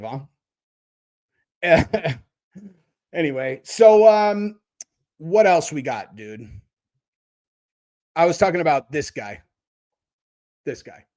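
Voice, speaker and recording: A man's voice: fairly high pitch, expressive, slow, long pauses. A man hosting a livestream, ranting and mocking chat commenters with a lot of swearing. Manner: profane, mocking, talks back to chat. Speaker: livestream host. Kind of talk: casual livestream rant.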